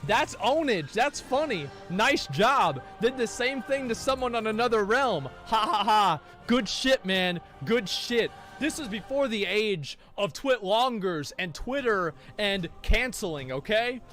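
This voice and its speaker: A man with a high voice telling a gaming story in a loose, casual way. He swears freely and slips into the voices of the people he quotes. Soft music plays faintly behind him. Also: unhurried, few pauses. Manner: profane, animated, acts out the people he quotes. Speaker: gaming streamer.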